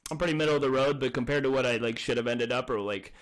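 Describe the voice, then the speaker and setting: A man's voice: mid-range voice, rapid-fire. A man hosting a podcast in casual chat, rambling and reflective, with a lot of "like" fillers.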